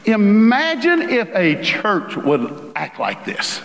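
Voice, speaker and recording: A man preaching a sermon as a pastor, animated and acting out the voices he quotes. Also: sits high, takes it slowly, vocal fry, slight background noise. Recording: reverberant hall.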